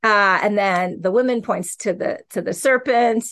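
A woman teaches scripture on her podcast in a relaxed, conversational way. She talks with animated energy and keeps checking in with her listeners. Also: mid-range voice, normal speed. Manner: animated, conversational, frequent "okay" and "right". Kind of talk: casual Bible teaching.

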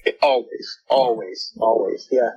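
Husky-voiced man talking reflectively. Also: medium pitch, a little slow, a little mellow, dull audio. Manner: reflective, sarcastic, repeats words as he builds a point. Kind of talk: casual conversation on faith.

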